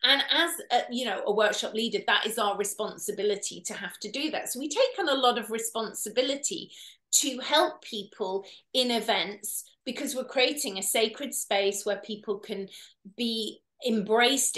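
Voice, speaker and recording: A woman's voice: a little high, moderate pace, fairly bright tone, reverberant. A woman workshop leader speaking earnestly and reflectively in a casual conversation.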